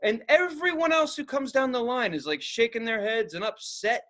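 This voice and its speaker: A man's voice: extremely high pitch, normal speed. A man co-hosting a podcast, telling a story full of swearing and acting out each person in it. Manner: animated, swears constantly, acts out the people in his story. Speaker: podcast co-host. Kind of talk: profane comedic storytelling.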